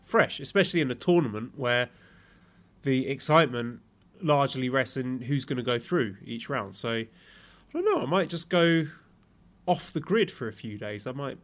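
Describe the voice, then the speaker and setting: Man, podcast co-host, steady mid-pitched voice, reads listener questions and passes them on. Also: normal speed. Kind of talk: casual podcast chat.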